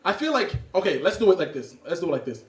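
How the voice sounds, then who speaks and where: A man from Cameroon doing stand-up comedy, animated and acting out scenes. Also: sits high, fast talker. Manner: animated, acts out scenes and voices. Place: comedy club stage. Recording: roomy club, far from mic, audience laughing.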